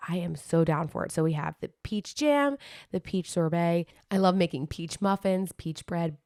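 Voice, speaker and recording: A woman's voice: on the low side, darkish tone, no echo, studio quality. Chatty woman hosting a cooking tutorial. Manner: chatty, enthusiastic, says "like" often. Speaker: cooking channel host.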